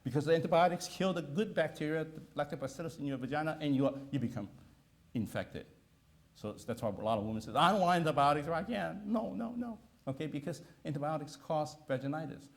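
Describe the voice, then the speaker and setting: A middle-aged male physician giving an animated lecture, telling a patient story with frequent restarts and emphatic repetition. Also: mid-range voice. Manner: repetitive restarts, emphatic, asks listeners "okay?".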